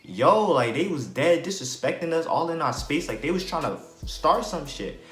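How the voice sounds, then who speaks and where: A man's voice: on the high side, very animated, normal speed, a bit bright. A young man from New Jersey telling a casual storytime, rambling and slangy, with lots of "bro" and "like". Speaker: vlogger. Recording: roomy with faint music.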